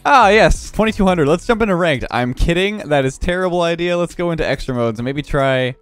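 A young man giving live commentary over his own gameplay, excitable and quick to laugh, with frequent exclamations. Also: on the high side, clean tone, no echo, faint music behind. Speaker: gaming YouTuber.

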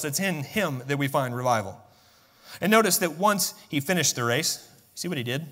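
Guy preaching in a church, bright high voice, goes quiet then gets loud and emphatic, echo from the hall. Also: lively intonation, moderate pace. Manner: swings from soft low musing to loud, high emphatic bursts. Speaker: pastor. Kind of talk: sermon. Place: church sanctuary.

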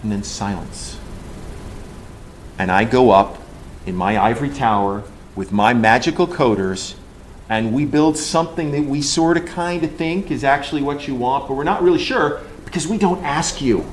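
Animated man ranting at a conference. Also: mid-range voice, moderate pace, slight background noise. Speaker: engineering leader. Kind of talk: conference talk. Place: conference room.

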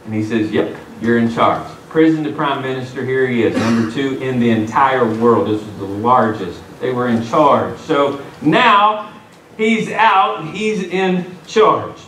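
A male pastor preaching a sermon, telling the story with lively, joking character voices. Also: medium pitch, unhurried, slight background noise. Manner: animated storytelling, acting out the characters with jokes. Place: church sanctuary. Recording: echoey hall, mic from a distance.

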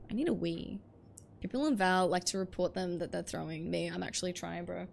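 A woman's voice: fairly low pitch, brisk, vocal fry, a little hiss or hum. A woman livestreaming a video game, chatting casually and swearing freely as she answers her viewers. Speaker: streamer.

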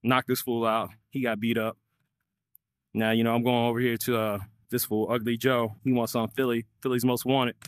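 A man from the Washington DC area, out of breath, hosting hyped VR boxing gameplay commentary full of loud, playful trash talk. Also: medium pitch, level tone, normal speed. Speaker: gaming channel host. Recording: voice over loud game music. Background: loud music.

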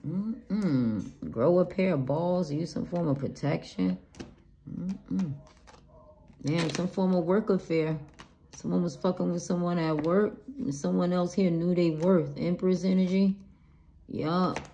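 A woman with a low voice runs through a tarot reading in a casual, blunt, heavily profane way, hyped-up and emphatic. The home recording carries clear background noise. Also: measured pace, mellow. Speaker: tarot reader.

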